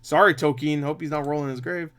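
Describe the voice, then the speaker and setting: A man's voice: on the high side, quick pace, fairly bright tone, a little hiss or hum. A man chatting casually about box office numbers as a movie reviewer, swearing freely and laughing often.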